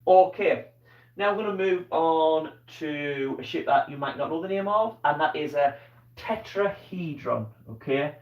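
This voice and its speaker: Scottish guy teaching maths online, a bit high voice, patient, keeps saying okay, roomy dull sound from a way off the mic. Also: moderate pace, far from the mic. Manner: patient, explains step by step with frequent "okay?". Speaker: primary school teacher. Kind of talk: live online maths lesson.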